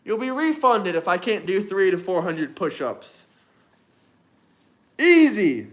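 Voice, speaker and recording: A man's voice: high voice, sing-song, slow, fairly bright tone. A man in his twenties hosting a livestream, talking to chat in a brash, mocking, provocative way. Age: 20s. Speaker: livestream host. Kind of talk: live-stream chat.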